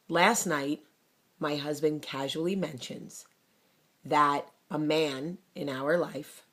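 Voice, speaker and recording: A woman, telling a personal story to camera in a blunt, fiery, animated way. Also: sits low. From New Jersey. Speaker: vlogger. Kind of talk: casual talk to camera.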